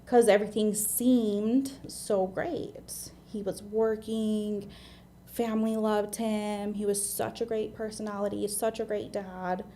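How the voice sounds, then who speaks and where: A woman's voice: medium pitch, flat delivery, takes it slowly, dark tone, a little hiss or hum. An American woman in her thirties, a guest on an interview show, talking candidly and earnestly with fillers and restarts. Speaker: guest, admissions medical assistant.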